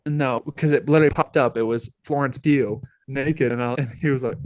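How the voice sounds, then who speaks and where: A man's voice: mid-range voice, steady tone, a little fast, a little mellow, no room sound. A man co-hosting a podcast, rambling through a casual movie chat with plenty of fillers and acted-out quotes. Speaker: podcast co-host.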